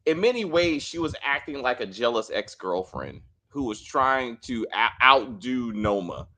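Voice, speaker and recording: A man co-hosting a casual TV episode review, blunt and quick to swear, who keeps restarting his sentences and acts out the characters. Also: mid-range voice, lively intonation, bright, forceful tone. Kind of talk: casual chat.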